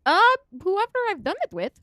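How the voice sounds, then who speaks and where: A woman playing in a tabletop game, lively and often laughing, hesitating over her plans. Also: very high-pitched, normal speed, no echo, studio quality. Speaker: player. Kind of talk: casual tabletop play.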